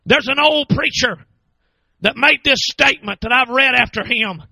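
A man preaching a fervent sermon in a church, telling a story and often shouting. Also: extremely high pitch, normal speed, vocal fry, no echo, poor audio.

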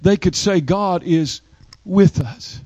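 High-pitched emphatic male preacher. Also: a little mellow, no room sound, highs cut off. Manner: emphatic preaching with dramatic pauses and rising pitch. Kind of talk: sermon.

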